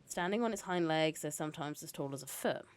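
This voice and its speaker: A woman reading the lines of a friendly, soft-spoken male field biologist who reassures worried parents. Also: low-pitched, fairly quick, smooth, natural voice. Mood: reassuring.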